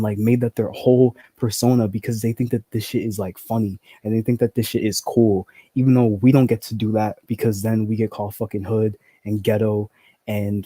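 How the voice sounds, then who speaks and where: A man's voice: on the low side, mellow, slightly rough, no room sound. A young man in casual group discussion, blunt and profane, peppering his talk with "like". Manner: blunt, profane, heavy use of "like" fillers.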